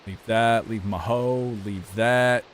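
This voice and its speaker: A man's voice: medium pitch, fairly even intonation, slow, slight background noise. A young man from the United States, a streamer rambling casually to his chat while gaming, loose and profane.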